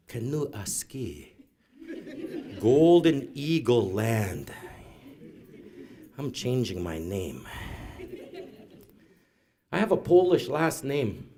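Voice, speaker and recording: A man's voice: fairly low pitch, breathy edge. Man telling funny stories. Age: middle-aged. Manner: animated, acts out relatives in quoted voices. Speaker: storyteller at a graduation event. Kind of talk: humorous personal storytelling. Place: event hall.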